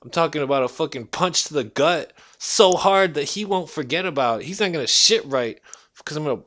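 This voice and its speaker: A man in a loose, unscripted rant, blunt and heated, with swearing in almost every sentence. His voice sits a little higher than most men's. He talks straight at the listener as a vlogger would. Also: lively intonation, a little fast, bright, forceful tone. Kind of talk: casual rant monologue.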